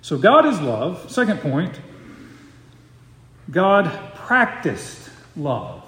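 Middle-aged male pastor, deliberate sermon delivery with repeated emphasis, slightly high voice, roomy reverberant sanctuary sound. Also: wildly swooping pitch, bright, forceful tone. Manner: slows to stress key phrases, repeats words. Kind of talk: expository sermon.

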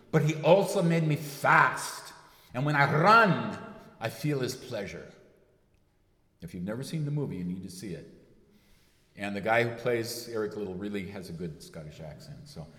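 A man giving a sermon, speaking loosely and correcting himself often with fillers. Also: mid-range voice. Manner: rambling, self-correcting with frequent fillers. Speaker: preacher. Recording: echoey hall with long reverb.

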